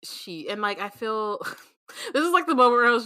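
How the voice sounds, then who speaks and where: A woman's voice: fairly high pitch, big pitch swings, moderate pace, pushed and bright, dry recording, clean studio sound. A woman co-hosting a podcast, retelling a book chapter in casual chat with many fillers. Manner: chatty, many fillers, laughs often. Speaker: podcast co-host.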